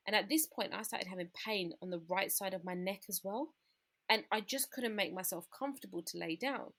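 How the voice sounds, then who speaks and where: Speaking fairly fast in a mid-range voice with a somewhat bright tone, a British woman in her thirties appears as a podcast guest. She recounts something personal openly, reconstructing moments by quoting the people involved, and peppers it all with "like".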